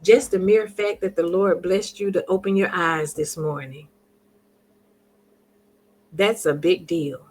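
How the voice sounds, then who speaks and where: A woman hosting an inspirational talk, speaking gently and encouragingly straight to her listeners. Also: on the low side, fairly even intonation, slow pace, long pauses, soft background music. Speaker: host.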